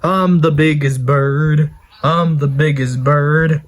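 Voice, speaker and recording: A man voicing a loud, show-off bird that squawks and brags, in a homemade toy video. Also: steady tone, slow pace. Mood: boastful. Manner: shrill squawks, boastful.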